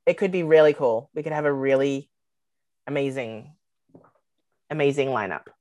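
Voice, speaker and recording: Podcast guest, female, low voice, meandering and hesitant, dry close sound. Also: moderate pace, darkish tone, no echo. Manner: rambling, hesitant, many ums and likes. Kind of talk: casual podcast chat.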